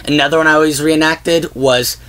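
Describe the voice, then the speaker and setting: A man's voice: fairly high pitch, steady tone, fairly quick, a bit bright. A man hosting a casual vlog, chatting about movies in a rambling way full of "like" and "whatnot.". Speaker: vlog host. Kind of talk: casual movie-list chat.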